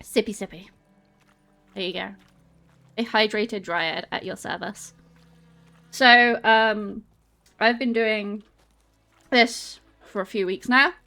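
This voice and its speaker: A woman's voice: fairly high pitch, sharp tone. An English woman streamer chatting casually with her viewers and answering chat while walking on a treadmill. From England. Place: home, on a treadmill.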